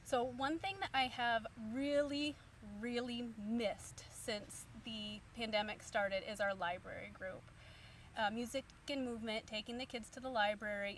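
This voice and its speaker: A woman's voice: a little high, a bit bright. A woman in her thirties, a stay-at-home mom, telling a story to camera in a chatty, upbeat way full of fillers. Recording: distant mic, faint background hum.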